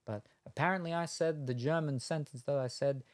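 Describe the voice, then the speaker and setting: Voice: mid-range voice, brisk, no room sound. A game streamer with an Australian accent, chatting casually and rambling, full of ums while answering chat. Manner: rambling and hesitant, many ums.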